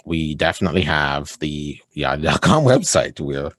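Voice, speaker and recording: Man, very low voice, eager interview guest, dry close sound. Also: animated, moderate pace, fairly bright tone, no room sound. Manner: enthusiastic, laughs often, repeats "right?". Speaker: guest, sales coach. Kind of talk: casual interview chat.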